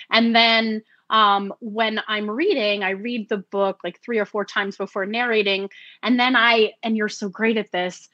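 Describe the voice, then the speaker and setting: A lively woman narrator talks shop in an interview, slipping into little acted-out quotes of herself and laughing often. Her voice sits at a middle pitch and sounds dry and close, with no room around it. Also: no echo, dull audio. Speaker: audiobook narrator. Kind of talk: conversational interview.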